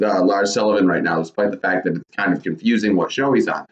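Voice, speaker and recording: A man's voice: lowish voice, a little fast, few pauses. A man casually giving his thoughts on wrestling for his channel, rambling with lots of self-corrections. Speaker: wrestling commentary YouTuber. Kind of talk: casual spoken commentary. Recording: roomy, dull lo-fi.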